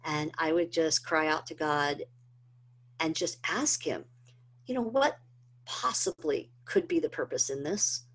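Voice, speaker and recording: A middle-aged woman earnestly telling a personal story, with many fillers and rising emotion. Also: sits low. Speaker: presenter of a health training video. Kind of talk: personal testimony talk.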